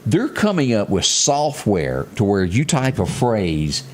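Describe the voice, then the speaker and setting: A deep-voiced man, co-hosting a morning news chat. His pitch rolls up and down a lot as he talks. He reads the headlines in a folksy, chatty way, with plenty of asides. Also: sing-song, a little slow. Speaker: morning show co-host.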